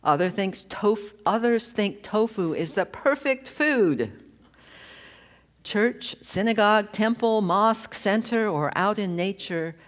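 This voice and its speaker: Slow-speaking woman minister giving a sermon. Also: medium pitch. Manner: slow, deliberate, reflective delivery. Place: church sanctuary.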